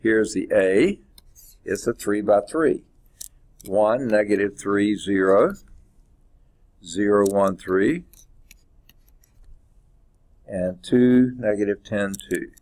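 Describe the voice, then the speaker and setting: Man lecturing slowly at a board. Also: on the low side, a little mellow. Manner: deliberate, stretches words while writing on the board. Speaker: math instructor. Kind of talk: classroom lecture. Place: classroom.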